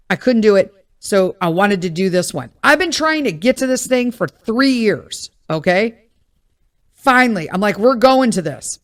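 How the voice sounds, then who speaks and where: A woman's voice: a little high, fairly bright tone. A woman hosting a podcast, telling a story in a casual, profane and exasperated rant. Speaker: podcast host.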